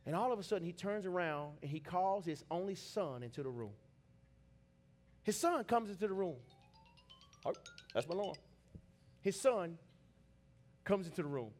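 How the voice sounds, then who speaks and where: A man preaching a sermon, telling a dramatic story that builds to shouted climaxes. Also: high-pitched, animated, normal speed, long pauses, faint music behind.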